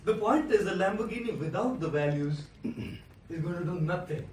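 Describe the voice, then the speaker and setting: A man's voice: high-pitched, normal speed, a little hiss or hum. A man, a monk giving a motivational speech, telling stories and repeating phrases for effect. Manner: animated storyteller with rhetorical repetition. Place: large indoor hall. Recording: echoey hall from a distant mic.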